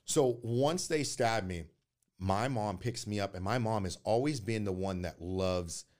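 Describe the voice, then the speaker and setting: A young man, a podcast guest, telling his life story in a candid, earnest way with halting restarts, speaking softly when it gets emotional. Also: lowish voice. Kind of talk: personal life story in conversation.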